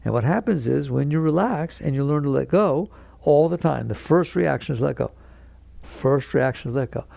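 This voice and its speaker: A man with a gravelly, slightly high voice leads a spiritual lecture, leaning hard on repeated key words. He slips into little acted voices and chuckles as he explains. The sound is close and dry. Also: expressive, moderate pace, mellow, no echo. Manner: acts out inner voices in quotes. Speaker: spiritual teacher.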